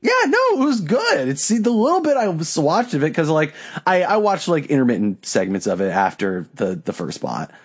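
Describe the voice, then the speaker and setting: Profane, ranting young man, slightly high. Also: huge pitch swings, normal speed, hardly any pauses, slightly rough. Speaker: podcast co-host. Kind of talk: casual chat.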